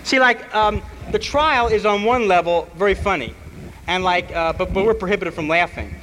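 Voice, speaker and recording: A man who is on trial tells a university audience a mocking, animated story, full of fillers and impersonations. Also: high voice, moderate pace, in a large hall, crowd noise, noisy background. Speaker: trial defendant addressing students. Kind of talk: animated public speech.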